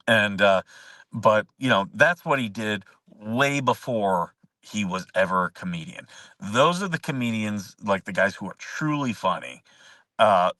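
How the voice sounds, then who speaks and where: A man's voice: mid-range voice, sharp tone, dry recording, far from the mic, low-quality recording. A man hosting a casual talk show, rambling through stories with many fillers and restarts. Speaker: show host. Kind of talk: casual storytelling chat.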